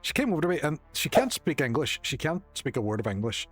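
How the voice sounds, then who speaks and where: A man's voice: on the high side, sing-song, fast talker, fairly bright tone, breathy edge. A man, chatting casually while streaming a game from his desk at home, jokey and self-mocking. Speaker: streamer playing a video game. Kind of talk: casual gaming chat. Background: faint game music.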